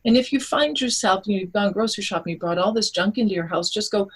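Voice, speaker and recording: A woman, a holistic nutritionist, explaining things in an animated way on a radio interview. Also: medium pitch, fast talker, breathy edge, low-quality recording. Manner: animated, explanatory, acts out quotes.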